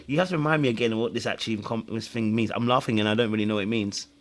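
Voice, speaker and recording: A man's voice: lowish voice, racing, a little hiss or hum. A man with a British accent hosting a casual panel chat, playful and teasing, laughing often. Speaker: panel host.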